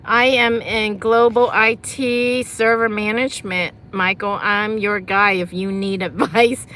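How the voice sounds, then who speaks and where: A woman's voice: medium pitch, steady tone, unhurried, bright, forceful tone. A woman chatting casually with viewers on a live stream from inside a parked car, laughing often. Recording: car interior with vehicle noise.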